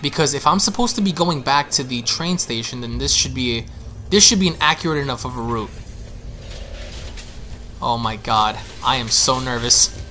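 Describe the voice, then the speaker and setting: A young man giving excitable, panicky let's play commentary, repeating himself as he goes. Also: medium pitch, normal speed, faint music behind. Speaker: gaming streamer.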